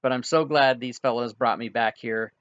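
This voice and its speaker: A man voicing a dazed male cleric who is slowly getting his memory back, speaking in a halting, stammering, apologetic way. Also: mid-range voice, fairly even intonation, a bit bright, muffled recording, close to an everyday voice. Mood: confused, grateful. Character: dazed middle-aged male cleric recovering lost memory.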